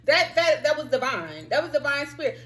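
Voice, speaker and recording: A woman's voice: high voice, sing-song, a little fast, noisy background. A woman hosting a spiritual self-help talk, preaching emphatically with frequent swearing and sudden outbursts.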